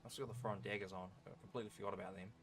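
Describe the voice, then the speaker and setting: A man's voice: on the low side, steady tone, rapid-fire, noisy background. A man casually commentating his own speedrun with joking, sarcastic asides.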